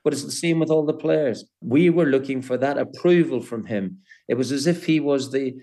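An older man speaks as an interview guest at an even middle pitch. He tells his stories haltingly, repeating words and restarting his sentences. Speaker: former footballer, guest. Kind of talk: interview, storytelling.

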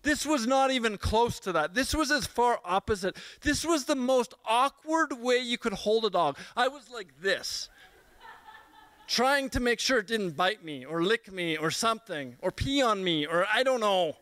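A young man at a church gathering telling a funny personal story, animated and self-mocking, with many restarts. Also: very high-pitched, normal speed, no echo. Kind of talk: humorous personal story in a sermon.

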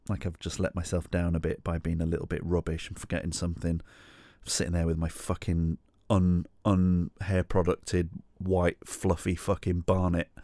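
A man's voice: low voice, darkish tone, no echo, studio quality. A middle-aged man hosting a solo podcast, telling a rambling, sweary, self-mocking story. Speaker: podcast host.

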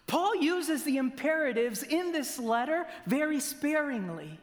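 A man preaching a sermon in a church, asking rhetorical questions and swinging between loud emphasis and near-whispers. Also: extremely high pitch. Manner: slow, deliberate delivery with rhetorical questions. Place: church sanctuary. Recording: long church reverb.

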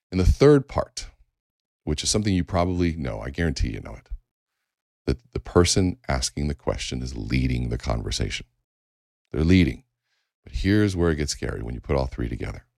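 A middle-aged man with an extremely deep voice delivers a leadership talk, his pitch swinging widely as he acts out little exchanges. The sound is dry and close, with no room around it. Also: gravelly, no room sound. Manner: animated, acts out quoted exchanges. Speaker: leadership speaker. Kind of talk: motivational talk.

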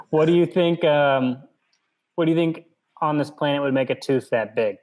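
A man co-hosting a casual podcast, reading a novel aloud and explaining it as he goes, relaxed and often laughing. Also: on the high side, unhurried, low-quality recording.

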